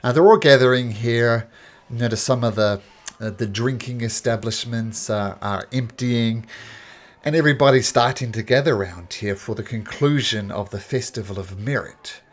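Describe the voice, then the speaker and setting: A man narrating as game master of a tabletop game, in a relaxed, rambling way with fillers. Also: mid-range voice, moderate pace.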